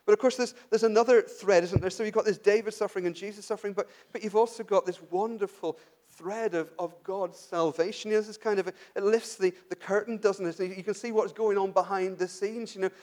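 A man preaching a sermon in a conversational way, full of restarts and rhetorical questions, dropping to a soft voice for emphasis. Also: sits high, steady tone, brisk. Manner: drops to a soft, quiet voice for emphasis.

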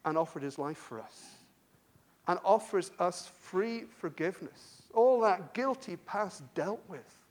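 A man's voice: high voice, animated, measured pace. A man preaching a sermon in a conversational way, often repeating words and adding self-deprecating asides. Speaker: university lecturer.

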